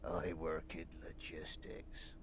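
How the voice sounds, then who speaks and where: A man's voice: extremely low pitch, completely flat delivery, slow pace, slight background noise. An actor playing a drowsy, evasive dock worker in his thirties in a video game, giving curt answers. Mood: surly. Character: sleepy, surly thirty-something male dock worker.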